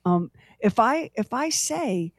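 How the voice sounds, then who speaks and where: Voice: medium pitch, sing-song, slow, no echo, studio quality. A co-host in casual chat who laughs often and drifts into playful tangents.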